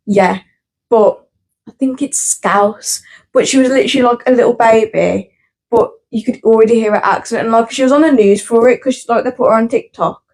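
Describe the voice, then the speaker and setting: A woman's voice: a little high, moderate pace, darkish tone. A young woman, co-hosting a podcast with giggly, playful banter. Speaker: podcast co-host. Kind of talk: casual chat.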